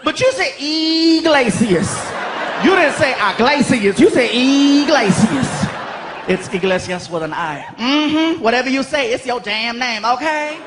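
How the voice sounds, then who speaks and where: A comedian voicing a sassy late-night female hotel clerk who scolds and talks loudly. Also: very high voice, expressive, normal speed, few pauses, background noise, pitched above the performer's own voice.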